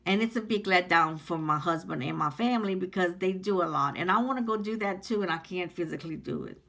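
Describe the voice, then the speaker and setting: A woman talks earnestly to her viewers in a personal vlog, rambling and heartfelt, with many pauses and ums. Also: fairly low pitch, a bit bright. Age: 50s. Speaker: vlogger. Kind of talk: personal vlog talking to camera.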